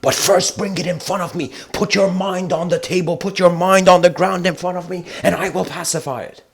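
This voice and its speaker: A man voicing an ancient male Zen master who speaks in slow, measured commands. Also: high voice, steady tone, vocal fry, voice pushed up. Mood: commanding.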